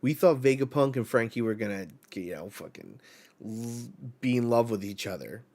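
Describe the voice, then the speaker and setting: A man hosting a live manga reaction, thinking out loud with lots of fillers and reading lines aloud. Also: mid-range voice, animated, normal speed. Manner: reads lines aloud in a slightly raised voice. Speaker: manga reaction channel host.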